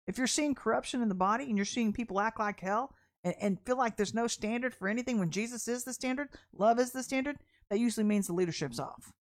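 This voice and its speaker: A woman's voice: on the high side, no echo, clean studio sound. A woman preaching a sermon in a blunt, conversational and emphatic way.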